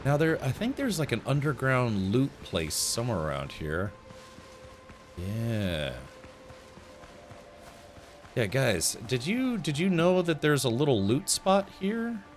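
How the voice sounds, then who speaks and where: Excitable man streaming a game. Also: medium pitch, takes it slowly, pauses often, over music. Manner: excitable, laughs often, thanks viewers. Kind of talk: casual live-stream gaming chat.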